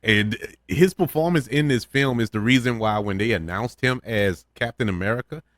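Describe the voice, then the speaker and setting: A man's voice: medium pitch, moderate pace, a bit bright, no echo, studio quality. A man hosting a casual spoken film review, opinionated, who chuckles often and repeats words as he thinks. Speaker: podcast host reviewing films.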